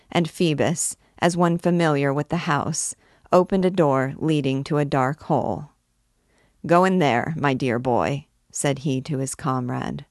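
A woman reading a classic novel aloud, measured and gently voicing the characters' lines. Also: deep voice, dry recording, studio quality. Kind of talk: book reading.

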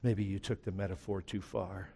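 A man preaching a sermon as pastor, shifting between driving emphasis and hushed, slow lines. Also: low-pitched, fairly even intonation, vocal fry, husky. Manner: preaching with sudden drops to a hushed voice. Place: church sanctuary. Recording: long hall reverb.

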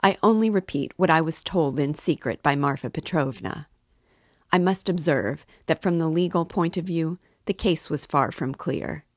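A pompous middle-aged official lays out his case in formal, self-satisfied sentences, read by a woman. The voice sits low and unhurried. The sound is dry and close. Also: dry recording. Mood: measured. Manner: formal, measured, self-important.

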